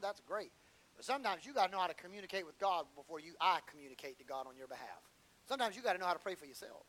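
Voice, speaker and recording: A man delivering a lively sermon in a high voice. His tone is bright and forceful. He slips into playful impressions of whining churchgoers to make his points. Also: low-quality recording. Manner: animated, acts out whiny prayers and dialogue for humor. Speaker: preacher.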